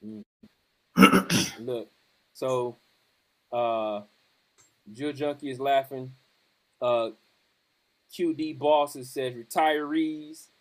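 A man hosting a podcast, telling a lively military story in casual chat and laughing often. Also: mid-range voice, very slow, pauses often. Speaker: podcast host.

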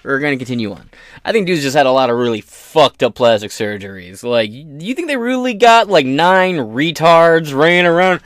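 Animated, foul-mouthed male podcast host. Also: fairly high pitch, normal speed. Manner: rambling, profane, joking asides. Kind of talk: casual political podcast commentary.

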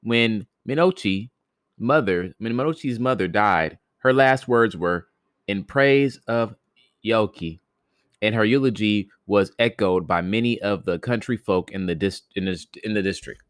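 A man's voice: on the low side, a little slow, no room sound, studio quality. A man hosting a podcast, reading a ghost story aloud with frequent stumbles and restarts, then retelling it in joking slang. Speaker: podcast host reading stories. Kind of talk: casual storybook reading with commentary.

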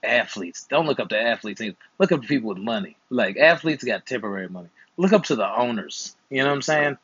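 Husky-voiced playful man in his twenties. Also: medium pitch, expressive, fast talker, a bit bright, no echo, dull audio. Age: 20s. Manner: playful, slangy, teasing advice. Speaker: uncle and channel host. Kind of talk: casual chat while gaming.

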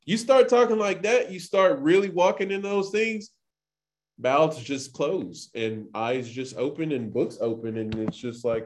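A man's voice: on the high side, expressive, unhurried, a little hiss or hum. A man teaching a scripture passage in a loose, chatty way, full of filler words and acted-out quotes. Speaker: Torah teacher. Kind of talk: casual scripture study talk.

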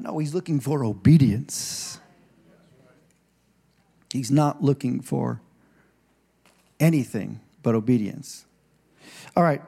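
A man's voice: medium pitch, lively intonation, takes it slowly, gravelly, long pauses, mellow, slightly rough. A male pastor preaching a sermon in a church, conversational and digressive, with restarts, and acting out scripture voices with rising emphasis.

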